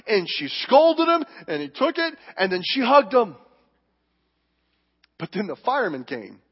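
A man with a very high voice preaches in a church, animated and emphatic as he tells stories. His voice comes through dull and muffled, with a long reverb trailing off the hall. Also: unhurried, long pauses, breathy edge. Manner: animated, emphatic storytelling with acted quotes. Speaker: pastor. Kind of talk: sermon.

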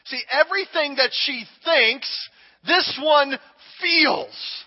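Man with a very high voice, dramatic preacher, acting out a king addressing a listener, hushed then shouting, big reverberant hall, dull audio. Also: slow. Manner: dramatic, emphatic, shifts between hushed and shouting. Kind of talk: sermon illustration, speaking in role as a king.

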